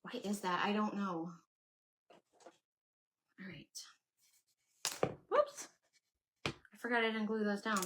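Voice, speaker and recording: A woman with a voice of ordinary middle pitch, hosting a relaxed crafting livestream. She talks casually and keeps up a running chat as she works. She answers her viewers along the way. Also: slight background noise. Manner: chatty, thinks aloud while working, answers viewers. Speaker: craft channel host.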